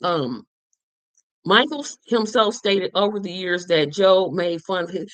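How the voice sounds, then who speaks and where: This is a woman host chatting about a film she just saw. Her pitch leaps up and down and she leans hard on words, repeating them for effect. The sound is dry, with no room echo. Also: lively intonation, a little slow. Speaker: show host. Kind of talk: casual movie review chat.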